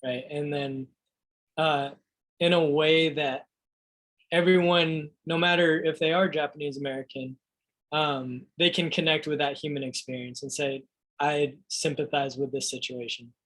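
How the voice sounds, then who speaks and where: Earnest higher-voiced male actor. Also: fairly even intonation, unhurried, a bit bright, poor audio. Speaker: actor in the cast. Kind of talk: Q&A answer on a video call. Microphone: video call.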